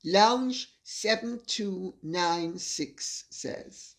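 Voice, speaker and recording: A woman's voice: on the low side, lively intonation, drawn-out words, gravelly, hardly any pauses. An older woman hosting her channel, reading viewer messages aloud and laughing often as she reads. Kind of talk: casual chat.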